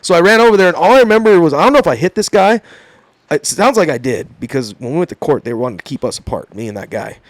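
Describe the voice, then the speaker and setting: A man's voice: a little high, quick pace, dry recording. A man in his thirties, a podcast guest telling a story casually, swearing often and acting out the quotes. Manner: profane, animated storytelling with voiced quotes.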